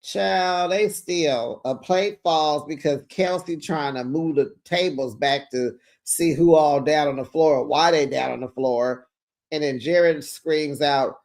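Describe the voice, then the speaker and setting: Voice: mid-range voice, slow, darkish tone. A host giving a casual recap of a reality show, sassy and gossipy, breaking into exclamations and laughs while retelling.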